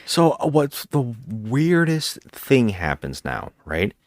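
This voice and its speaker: A man's voice: mid-range voice, wildly swooping pitch, slow pace, dry recording, clean studio sound. A man co-hosting a podcast, casually retelling a film's plot with hesitant, rambling asides. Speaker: podcast co-host. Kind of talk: casual movie-review chat.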